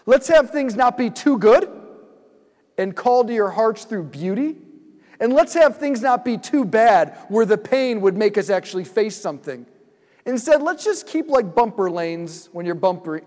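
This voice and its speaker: A man's voice: sits high, long reverb tail. A man giving a sermon, telling stories and acting out his own thoughts. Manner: animated storyteller who acts out his own thoughts. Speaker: speaker at a multi-night church event. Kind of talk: sermon with storytelling.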